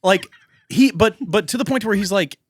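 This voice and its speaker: Male podcast host, lively swinging delivery, dry close sound, swears a lot. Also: high-pitched, normal speed, no room sound. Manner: animated, profane storytelling with acted-out quotes. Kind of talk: casual storytelling chat.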